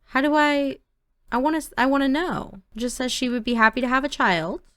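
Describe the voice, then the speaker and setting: A woman's voice: high-pitched, fairly quick, fairly bright tone. A woman doing casual, chatty gameplay commentary from her home office, giggling and talking to her game characters. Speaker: gaming YouTuber.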